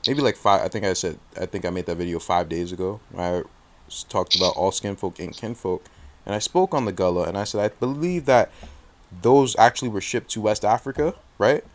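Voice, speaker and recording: Low-voiced man hosting an interview. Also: brisk, a little hiss or hum. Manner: thoughtful, lays out points and checks agreement. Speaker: host. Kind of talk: casual interview.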